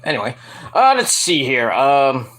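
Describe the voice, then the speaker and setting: A man hosting a casual podcast, rambling and joking while he watches a game, with loud outbursts. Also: medium pitch, big pitch swings, unhurried, a little hiss or hum. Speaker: podcast host.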